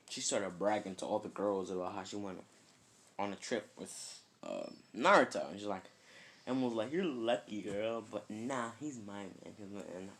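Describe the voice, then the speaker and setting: A man's voice: lowish voice, fairly bright tone. A man casually telling a made-up fan story, rambling and filling it with "kinda" and "like".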